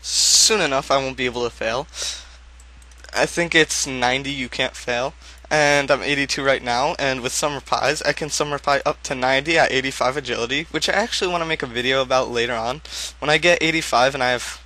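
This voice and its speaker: A man's voice: mid-range voice, a little fast, bright, forceful tone. A young man giving rambling, offhand commentary while playing a game, with lots of fillers. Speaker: gaming video maker. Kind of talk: casual gameplay commentary.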